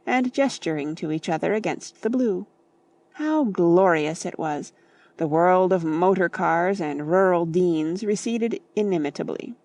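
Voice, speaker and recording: A woman narrating a classic novel as an audiobook, in a measured, expressive reading. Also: lowish voice.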